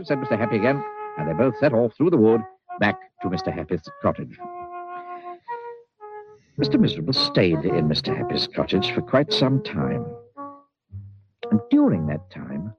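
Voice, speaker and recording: A man narrating a children's storybook with expressive, drawn-out emphasis. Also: on the low side. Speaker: audiobook narrator. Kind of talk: storybook reading. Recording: muffled recording with soft music.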